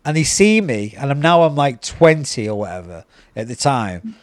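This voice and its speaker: A British man, a podcast host, telling a personal story in a casual, animated way, acting out the voices of people he quotes. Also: medium pitch, moderate pace, no room sound, clean studio sound. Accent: British English. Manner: animated, acts out quoted voices, repeats words.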